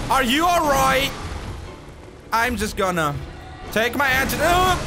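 A young gaming YouTuber with a very high-pitched, lively voice does gameplay commentary while eating hot peppers, over music. Unhurried with long pauses, he coughs, groans in pain, yells and swears.

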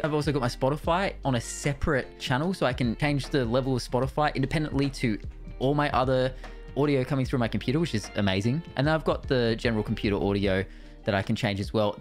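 A young Australian man reviewing his streaming gear in a casual, excited way, swearing freely, on a studio mic in his streaming room. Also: medium pitch. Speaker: Twitch streamer. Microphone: studio dynamic mic.

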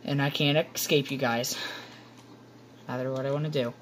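A woman's voice: extremely low pitch, steady tone, moderate pace, a little hiss or hum. A woman giving playful, rambling commentary over gameplay to her viewers on a computer microphone. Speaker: gaming channel host.

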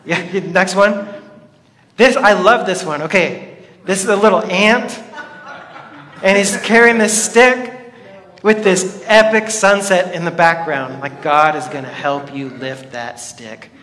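A pastor with a high, slowish, slightly bright voice preaches a sermon in a church hall. He jokes playfully and addresses the congregation directly. The hall gives the recording a reverberant sound.

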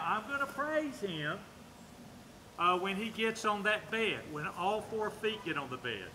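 A man's voice: high voice, background noise. A man with a Southern US accent, a dog trainer explaining his methods outdoors between short commands to a puppy. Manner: explains to camera while working a dog, switching to short commands.

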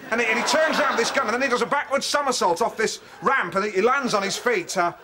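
An actor playing a pompous, pedantic middle-aged man who rambles excitedly as he retells a film. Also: very high-pitched, quick pace, heavy background noise. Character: pompous middle-aged male chat show host, pedantic.

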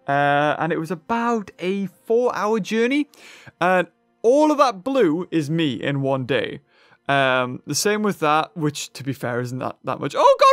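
A young man chatting casually through a mobile dinosaur game, excitable and rambling with lots of fillers. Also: high voice. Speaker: gaming YouTuber.

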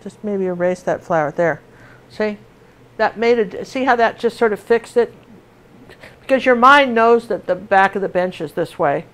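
A woman's voice: medium pitch, normal speed. Middle-aged woman, art teacher, loose and chatty, drifts into stories mid-lesson. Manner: chatty and rambling, with many fillers and restarts. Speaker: painting teacher. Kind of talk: casual tutorial chat while painting.

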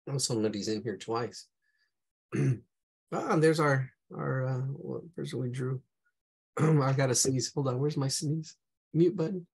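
Drawing teacher, male, gravelly, slow, losing his voice, casual and chatty. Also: mid-range voice, darkish tone. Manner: casual, hums and talks to himself while sketching. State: losing his voice, clearing his throat. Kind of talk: live online drawing class.

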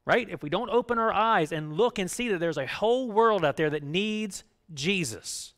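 A man pastor giving a conversational sermon, often checking in with his listeners and swinging between emphatic raised lines and quiet low ones. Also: expressive, moderate pace. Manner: conversational preaching, frequent "right?" asides.

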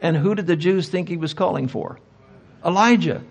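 Older man lecturing, gravelly and rhetorical. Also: sits high, normal speed. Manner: emphatic, asks rhetorical questions. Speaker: Bible conference speaker. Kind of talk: lecture answering audience questions. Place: conference hall.

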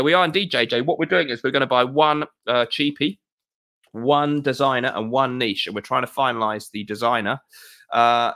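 A man's voice: on the low side, gravelly, pushed and bright. A man in his forties from England hosting a casual fragrance livestream, chatty and self-deprecating, thinking aloud as he shops.

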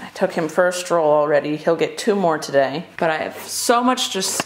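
A woman's voice: sits low, animated, normal speed, background noise. A young woman from the United States vlogging her day in casual chat, tired but upbeat and self-mocking, talking to a handheld camera. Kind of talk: casual daily vlog.

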